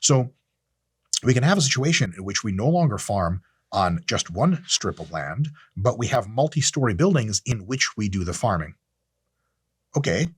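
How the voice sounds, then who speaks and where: A man's voice: lowish voice, moderate pace, slightly rough, dry recording, clean studio sound. A man hosting a podcast, talking casually in a blunt, profane, opinionated way. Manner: animated, acts out quoted voices. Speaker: podcast host. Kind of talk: casual monologue.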